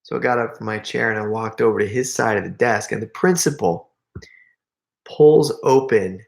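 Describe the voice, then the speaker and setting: A man's voice: on the low side, moderate pace, vocal fry, reverberant. Chatty middle-aged man rambling on a livestream. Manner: rambling, chatty, addresses viewers directly. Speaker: YouTube prankster and channel host. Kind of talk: casual livestream Q&A chat.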